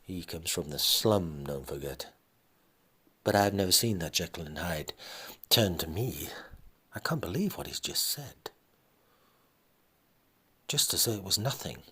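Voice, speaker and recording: A man's voice: low-pitched, animated, unhurried, long pauses, pushed and bright, husky, exaggerated voice. A man voicing a distraught middle-aged wife whose husband is leaving her, pleading and often breathless and whispered. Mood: shaken.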